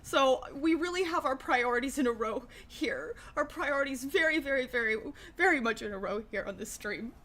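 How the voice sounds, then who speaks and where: A woman's voice: sits high, animated, normal speed, few pauses, a bit bright. A young woman hosting a casual livestream, chatting sarcastically with lots of profanity and laughter. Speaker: livestream host. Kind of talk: casual livestream chat reacting to news.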